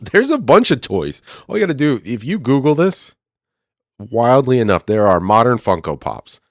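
A man co-hosting a podcast, chatting casually with dry, deadpan humor. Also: mid-range voice, normal speed, dry recording. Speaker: podcast co-host.

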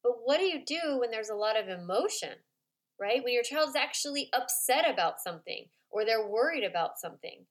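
A woman hosting a parenting podcast as a coach, talking informally with lots of "like" and "right?", softening her voice to model calm replies to children. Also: fairly quick. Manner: chatty and informal, full of "like" and "right?"; acts out children's complaints in a high voice. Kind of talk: conversational podcast monologue.

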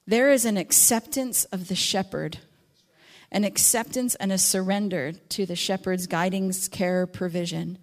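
A woman giving a teaching talk on a psalm, telling stories with acted-out voices and slowing down reflectively on key lines. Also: medium pitch. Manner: animated storytelling, acts out quotes and sheep with sudden loud voices; reflective, slows and softens on key verses. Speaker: Bible teacher.

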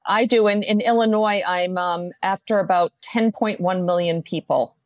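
A woman's voice: fairly low pitch, moderate pace, dry recording. A woman co-hosting a podcast, chatting casually and encouragingly. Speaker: podcast co-host.

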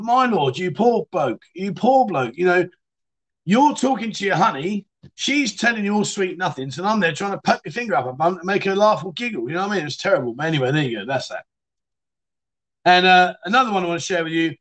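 On his casual livestream chat show, a man chats away cheekily, going through viewer-submitted stories and his own while laughing throughout. His voice is high-pitched and a bit bright.

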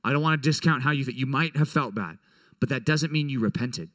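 Casual animated male preacher. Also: medium pitch, a little fast, no room sound. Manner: conversational, animated, frequent "right?" check-ins. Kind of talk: sermon to young people.

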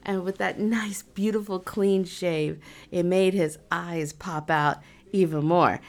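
A middle-aged woman, a massage therapist, telling a personal story casually, animated and self-mocking, with nervous laughs. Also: on the low side, slow pace.

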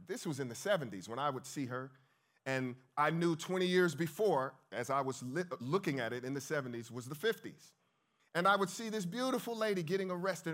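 A man in his fifties telling a dramatic story at a church event, swinging between hushed and loud. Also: on the high side. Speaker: speaker and singer at a church event. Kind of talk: storytelling talk with sung spiritual.

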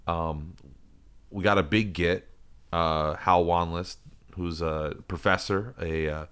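Deep voiced guy cohosting a podcast, rambles a lot, lots of ums and likes. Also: steady tone, takes it slowly, a bit bright, clean tone. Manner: loose and rambling, many fillers and restarts. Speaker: podcast co-host. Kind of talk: casual podcast chat.

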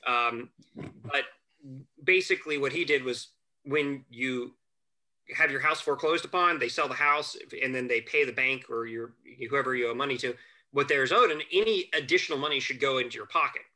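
A man who is a guest on a chat show, telling lively anecdotes and acting out quotes. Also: mid-range voice, normal speed. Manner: animated anecdotes, acts out quotes, chuckles. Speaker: podcast guest, family lawyer. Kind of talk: casual storytelling chat.

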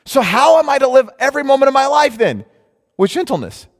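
A man preaching a sermon in an animated, conversational way, sometimes mocking the voices of others. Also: very high voice, a little fast. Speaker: pastor. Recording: long hall reverb.

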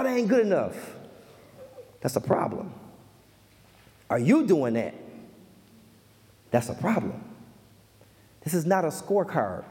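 A man preaching a sermon who repeats key phrases slowly and asks the audience questions. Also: sits high, dark tone, big-room sound. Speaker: minister.

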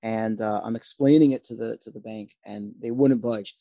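Earnest male interview guest, gravelly, dry and lo-fi. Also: on the low side, fairly even intonation, normal speed, no echo. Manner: earnest, restarts phrases often. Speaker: business owner in chargeback disputes. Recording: dull lo-fi sound.

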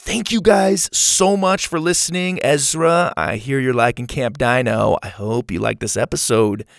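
Gravelly male narrator and host, dry close sound, kids' storybook reading. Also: medium pitch, measured pace, no echo.

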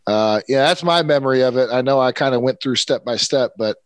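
A man's voice: mid-range voice, fairly quick, smooth, no room sound. A man hosting a casual sports chat, wrapping up his story and asking the others to share theirs.

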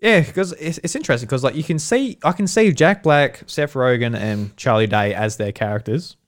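A man's voice: mid-range voice, lively intonation, normal speed. An Australian man co-hosting a casual podcast chat, laughing often, swearing and acting out quotes. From South Australia. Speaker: podcast co-host.

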